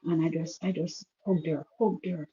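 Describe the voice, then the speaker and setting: A woman caller on a call-in show, softly and haltingly telling a painful personal story, with many restarts. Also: deep voice, fairly even intonation. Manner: soft-spoken, halting with restarts. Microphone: phone call. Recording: muffled poor phone line.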